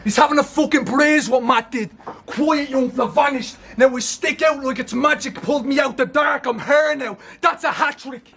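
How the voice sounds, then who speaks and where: A man's voice: very high voice, normal speed. Brash Dublin-accented battle rapper, man. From Ireland. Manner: brash, cocky, shouted punchlines. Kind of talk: performing rap battle verses. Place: outdoor event. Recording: noisy outdoor event.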